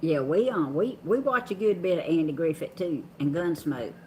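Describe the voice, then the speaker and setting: Lively woman chatting folksy. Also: lowish voice, moderate pace, a little hiss or hum. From Georgia, US. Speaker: co-host of a live chat stream. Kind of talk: casual chat reading viewer comments.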